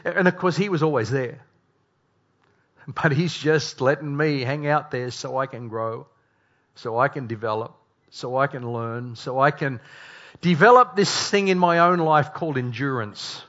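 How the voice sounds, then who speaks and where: Pastor, male, middle-aged: earnest sermon delivery, hushed then emphatic, slightly high voice, dull lo-fi recording. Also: measured pace. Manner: earnest, swings from hushed confession to loud emphatic preaching.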